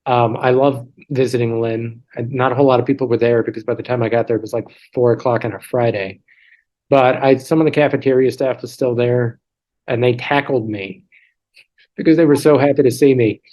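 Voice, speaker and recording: Over a video call, a guest in his 30s tells loose, joking stories, full of restarts, asides and self-deprecation. His mid-range voice is warm and steady in tone and moves briskly, though the audio quality is poor.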